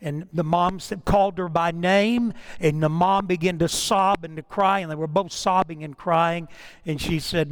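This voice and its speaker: A pastor preaches in a notably high-pitched voice. He tells his stories in a loose, conversational way, often restarting his sentences. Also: steady tone, moderate pace, clean tone. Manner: storytelling, conversational with frequent restarts. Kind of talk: sermon.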